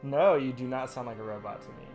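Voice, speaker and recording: A man's voice: medium pitch, fast talker, over music. A man hosting a live game stream, talking casually, rambling a little with ums and restarts. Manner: chatty and rambling, with many ums and self-corrections. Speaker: streamer and host.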